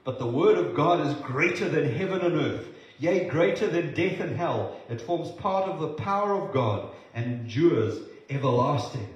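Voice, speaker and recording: Earnest pastor man from south africa, kinda high voice, booming echoey room, mic far off. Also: lively intonation, moderate pace, hardly any pauses, lo-fi sound. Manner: earnest, repeats words for emphasis. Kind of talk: sermon.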